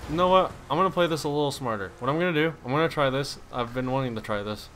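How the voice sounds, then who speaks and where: A young man giving casual gaming commentary, swearing freely, laughing and reacting loudly to the game. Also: mid-range voice, fast, few pauses, slight background noise. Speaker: gameplay commentator.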